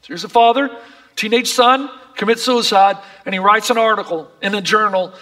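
A man's voice: high-pitched, steady tone, normal speed, sharp tone, long reverb tail. A man preaching a sermon as pastor, emphatic and impassioned.

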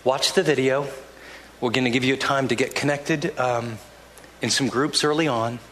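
A man's voice: mid-range voice, fairly even intonation, normal speed, fairly bright tone, a little hiss or hum. An older man, a pastor, preaching a sermon in a church in an earnest, conversational way, often restarting his sentences. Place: church sanctuary. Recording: long hall reverb, faint ambience.

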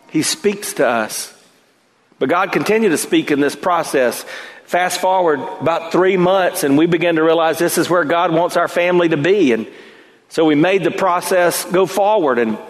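A middle-aged pastor with a drawl, his slightly high voice ringing with a long church reverb. He tells a personal story from the pulpit, building to emphatic peaks. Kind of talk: sermon. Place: church sanctuary.

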